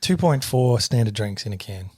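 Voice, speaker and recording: A man's voice: on the low side, lively intonation, moderate pace, a little mellow, husky, no echo. An Australian man co-hosting a casual podcast, swearing freely and laughing off his mistakes. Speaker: podcast co-host. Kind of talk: casual banter.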